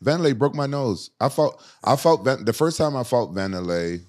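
Animated, profane middle-aged man. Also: medium pitch, normal speed. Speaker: guest, fighter. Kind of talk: casual chat.

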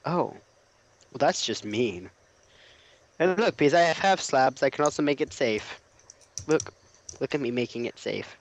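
A man's voice: medium pitch, lively intonation, normal speed, long pauses, slight background noise. A man doing casual gaming commentary as co-host, joking and teasing his partner. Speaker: co-host gamer.

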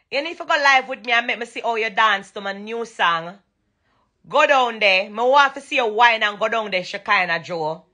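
A young woman with a Jamaican accent talks to her fans over a phone live stream from her bedroom at night. Her voice sits a little high and sounds bright and forceful. She stresses each point by saying it again and again and slips freely into patois. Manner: emphatic, repetitive, switches into patois. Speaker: dancehall singer thanking fans on a live stream. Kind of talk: casual live-stream chat.

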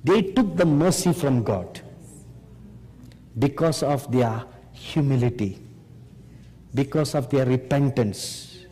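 A man preaching a sermon, slow and emphatic, pressing his listeners with rhetorical questions. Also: medium pitch, animated, mellow, slight background noise. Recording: long hall reverb.

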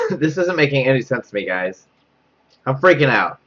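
A man's voice: huge pitch swings, normal speed, fairly bright tone, slightly rough. A young man streaming a horror game live, panicking, laughing nervously and repeating himself as he reads chat aloud. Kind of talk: live gameplay commentary. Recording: dull low-quality mic.

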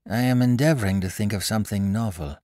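Narrator guy doing a dazed quiet jester, deep voice, dry and close. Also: wildly swooping pitch, unhurried, breathy edge, no echo, heavily acted. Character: small, bewildered male court jester. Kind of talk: dramatic audiobook reading.

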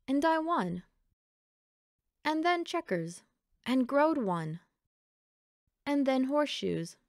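A woman reads a children's picture book aloud at an unhurried pace. Her mid-range voice is gentle and expressive. The sound is close and dry. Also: medium pitch, gravelly, no room sound. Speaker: storybook reader.

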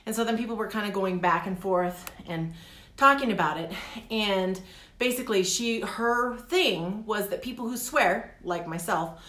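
A middle-aged woman talking candidly in a personal vlog, animated and laughing often. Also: mid-range voice, normal speed, roomy sound. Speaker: vlogger. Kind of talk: casual personal vlog talk.

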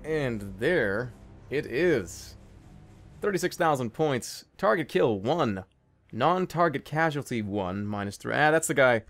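A young man commentating a stealth game he is playing, jittery and excitable, with nervous laughs and yelps. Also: mid-range voice, takes it slowly, soft background music. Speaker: gaming video host. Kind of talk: let's play commentary.

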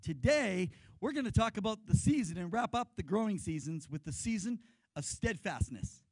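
A male pastor giving a lively sermon, telling stories and leading the congregation in call-and-response. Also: high voice, normal speed, breathy edge, no room sound, poor audio.

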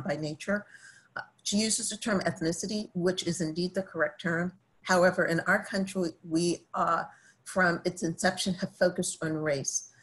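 A woman's voice: on the low side, fairly bright tone, low-quality recording. A woman giving a training webinar, talking in a conversational way with frequent ums. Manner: conversational, many fillers. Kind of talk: webinar presentation.

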